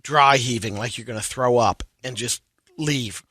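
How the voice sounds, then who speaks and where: Bright wisecracking radio co-host. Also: male voice, medium pitch, no echo, clean studio sound. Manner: quick wisecracks and teasing asides. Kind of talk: casual morning-show banter.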